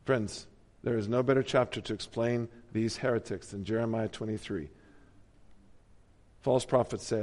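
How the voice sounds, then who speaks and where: A pastor from the United States preaching a sermon in a church, animated and dramatic. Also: male voice, fairly low pitch, moderate pace, long pauses, in a large hall.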